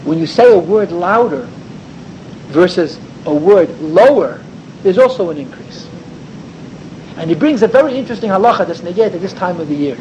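Animated high-voiced man teaching a class. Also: background noise. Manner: animated, rhetorical questions, sweeping pitch for emphasis. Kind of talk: Torah class lecture.

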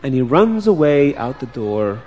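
A man telling a children's story in a lively, playful way, asking the children questions. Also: medium pitch, a little slow, highs cut off. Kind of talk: animated children's story narration.

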